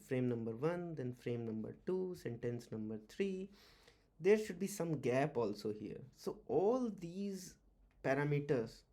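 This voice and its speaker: Halting man teaching tech. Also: medium pitch, darkish tone. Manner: halting, many uh fillers and restarts, repeats key words. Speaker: automotive diagnostics instructor. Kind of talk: informal whiteboard lecture.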